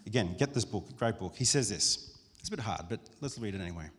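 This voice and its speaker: A pastor giving a conversational sermon, with frequent restarts and asides to the congregation. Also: male voice, fairly low pitch, expressive, quick pace, fairly bright tone. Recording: long hall reverb.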